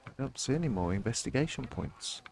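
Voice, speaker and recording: A man's voice: medium pitch, very animated, a little fast, gravelly, a little mellow. A man in his fifties chatting casually as he streams a game, talking fondly to his dog between moves, close on a desk microphone at home. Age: 50s. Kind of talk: casual live commentary while playing.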